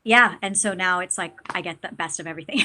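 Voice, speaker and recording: A woman actor talking as an interview guest in a casual, animated way, with lots of fillers and restarts. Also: fairly low pitch, a little fast. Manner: animated, chatty, many fillers.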